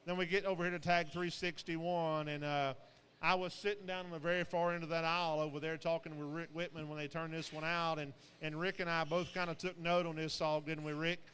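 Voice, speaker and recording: A man's voice: on the high side, flat delivery, a little fast, fairly bright tone, a little hiss or hum. Folksy man in an echoing sale barn. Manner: rambling, folksy, frequent fillers and restarts. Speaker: livestock sale commentator. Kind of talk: live auction commentary on show pigs. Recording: long echo of a large hall.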